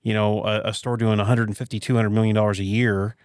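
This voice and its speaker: A man's voice: fairly low pitch, quick pace, no echo. Dry-miked man telling retail stories. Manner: animated storyteller, rhetorical "right?" asides. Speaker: podcast host and retail veteran. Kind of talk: casual podcast chat.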